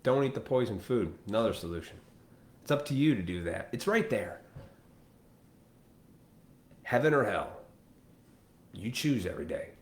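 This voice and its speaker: A man's voice: lowish voice, lively intonation, moderate pace, pauses often, roomy sound. A man hosting a live stream, delivering a blunt, profane, preachy rant straight to his viewers. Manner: blunt, profane, preachy, mimics people in quoted asides.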